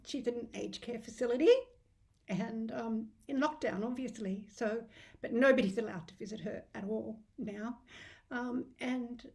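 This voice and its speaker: A woman's voice: a little high, unhurried, creaky, a little mellow. Middle-aged woman, Australian accent, heartfelt and encouraging, casual live host, rambling. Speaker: host of a diet group. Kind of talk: casual live video talk.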